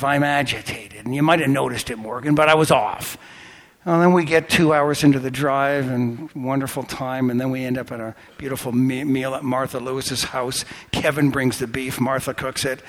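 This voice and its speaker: A male pastor preaching a sermon, telling stories animatedly and swinging from quiet asides to loud outbursts. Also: mid-range voice, big-room sound.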